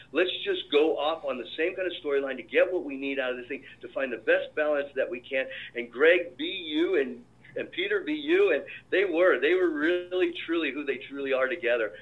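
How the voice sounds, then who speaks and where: A man with a fairly high voice talks as a film director in a casual interview. He tells animated anecdotes and acts out the dialogue of others. His voice comes through thin and tinny, like a phone line. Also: breathy edge.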